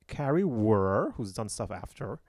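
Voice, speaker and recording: A man's voice: lowish voice, sing-song, moderate pace, a little mellow, no room sound, clean studio sound. A man co-hosting a podcast, chatting casually and gossiping, sharing trivia about a film's cast. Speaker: podcast co-host. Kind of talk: casual chat.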